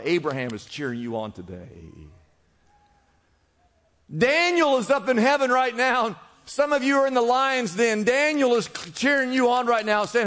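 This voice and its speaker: A man preaching a sermon to a congregation, calling out to the crowd and swinging between loud emphasis and quiet drops. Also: extremely high pitch, lively intonation, normal speed. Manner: preaching with call-and-response, rising and dropping emphasis. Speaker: pastor. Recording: long reverb of a large hall.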